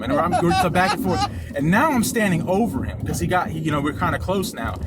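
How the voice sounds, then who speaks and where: Young man, casual podcast storytelling, profane, emphatic, high-ish voice, loud background noise. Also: animated, brisk. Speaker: podcast co-host. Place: car during a delivery drive. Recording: loud road and ambient noise.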